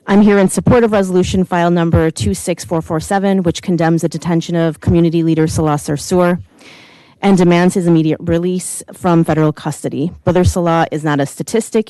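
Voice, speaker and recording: A woman's voice: on the low side, steady tone, a little fast, warm tone, dry recording, low-quality recording. A woman, a civic group director, giving earnest, emotional public testimony at a county committee hearing.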